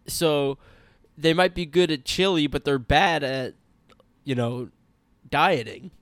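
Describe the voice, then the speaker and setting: A man's voice: on the high side, takes it slowly, fairly bright tone, no room sound. A young man co-hosting a casual podcast chat, talking bluntly with lots of swearing and emphatic storytelling. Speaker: podcast co-host.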